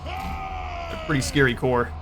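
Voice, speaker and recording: A man's voice: medium pitch, wildly swooping pitch, unhurried, raised voice, crowd noise, noisy background. A man casually commentating his own strategy game session, thinking aloud with frequent fillers and restarts. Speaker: gaming channel host.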